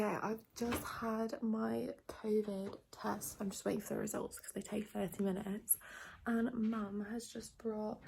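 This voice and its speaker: Young girl vlogging on her phone in her bedroom, kinda whispery, loads of vocal fry. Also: medium pitch, slight background noise. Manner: soft, often half-whispered chatter. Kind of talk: casual day-in-the-life vlog chat. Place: bedroom at home. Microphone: phone camera.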